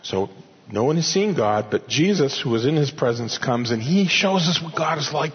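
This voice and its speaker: A man preaching an expository sermon in earnest, slowing down and rising in pitch to stress key points. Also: lively intonation, breathy edge. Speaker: pastor. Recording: dull audio with long hall reverb.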